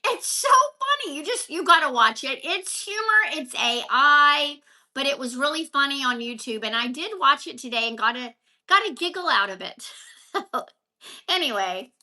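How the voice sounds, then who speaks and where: A woman's voice: sits high, big pitch swings, normal speed, sharp tone. A woman from Texas, hosting a casual live stream from home on her phone, ranting and chatting back to viewers by name. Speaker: livestream host. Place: home, at a counter. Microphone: phone held vertically.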